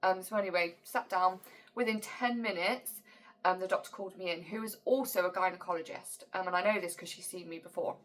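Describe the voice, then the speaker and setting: A woman's voice: lowish voice, brisk. A young adult woman, telling a personal story in a vlog. She retells it with strong emotion and acts out the other people's lines. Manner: emotional, animated retelling with quoted dialogue. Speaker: vlogger.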